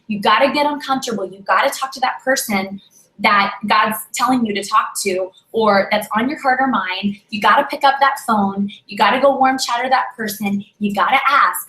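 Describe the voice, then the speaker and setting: A woman giving a motivational talk to her sales team, telling a story animatedly and acting out the dialogue. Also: mid-range voice. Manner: animated, acts out dialogue, exhorting. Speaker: direct sales leader. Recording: roomy echo.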